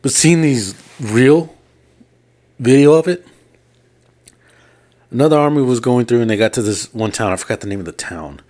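A man's voice: mid-range voice, normal speed, pauses often, darkish tone. A man co-hosting a casual podcast, retelling a story at length and quoting people in his own voice. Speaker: podcast co-host. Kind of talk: casual chat.

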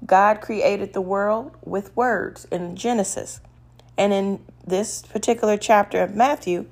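A woman's voice: medium pitch, steady tone, a little slow, a little mellow. Woman devotional host, earnest and emphatic, reads scripture and then explains it in a conversational way. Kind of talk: scripture reading and devotional teaching.

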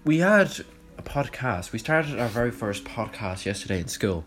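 A man's voice: on the low side, animated, normal speed, soft background music. A young Irish man hosting a comic podcast, joking around as a boozy lad with a lot of swearing and laughter. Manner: swearing, mock-serious, laughing. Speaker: podcast host. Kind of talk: comedic banter playing a boozy lad.

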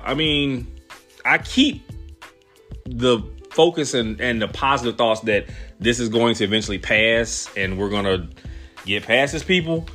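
A man, ranting casually with lots of profanity and animated storytelling. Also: medium pitch. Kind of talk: casual rant.

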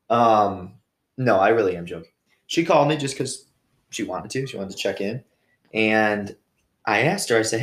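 A man's voice: lowish voice, moderate pace, pauses often, reverberant. A young adult man hosting a casual solo podcast, telling stories in a joking, self-deprecating way. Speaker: podcast host.

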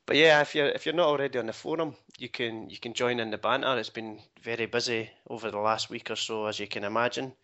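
A man hosts a casual podcast, cracking jokes and often restarting his sentences. His voice comes across bright and forward. The recording has a slightly dull, lo-fi quality. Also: medium pitch, fairly even intonation. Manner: joking, with halting restarts. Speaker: podcast host. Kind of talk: casual banter.

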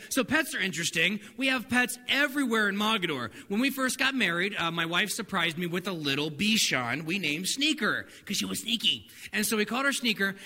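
A middle-aged male pastor giving a sermon, telling stories with energy and dropping softer for his main points. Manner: animated storytelling with laughs and acted-out dialogue; drops soft and low for spiritual points. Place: church hall. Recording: reverberant hall, faint noise.

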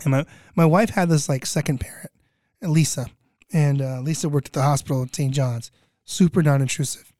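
A man's voice: a little high, normal speed, no echo. Podcast guest, middle-aged man, chatty storyteller who slips into other people's voices, dry close sound. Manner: animated, acts out quoted voices. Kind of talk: casual storytelling.

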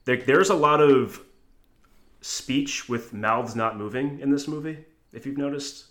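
A man's voice: medium pitch, a little slow, a bit bright. A man co-hosting a casual movie review podcast, pointing out small production details and trivia. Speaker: podcast co-host. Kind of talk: casual film review chat.

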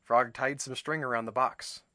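A man's voice: medium pitch, fairly even intonation, moderate pace, bright, forceful tone, dry recording, clean studio sound. A man hosting a reflective talk. He reads a children's story aloud and explains it thoughtfully, with small restarts. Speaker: host reading and discussing a children's book. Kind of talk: reflective commentary and read-aloud.

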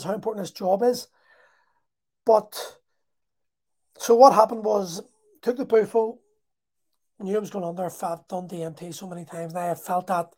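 A man talks casually through a deeply personal story. His voice is mellow and warm. He stops and restarts often in a halting, emotional way.

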